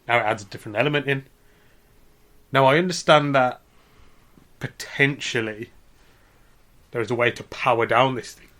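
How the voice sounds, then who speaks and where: A man's voice: medium pitch, moderate pace, long pauses, sharp tone. A man co-hosting a comedy podcast, bantering playfully and laughing often as he riffs on silly ideas. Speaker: podcast co-host.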